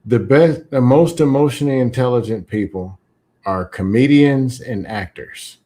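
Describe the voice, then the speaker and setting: A man hosting a casual conversation, telling candid stories about feelings in a reflective, unhurried way. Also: mid-range voice, dark tone. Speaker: podcast host.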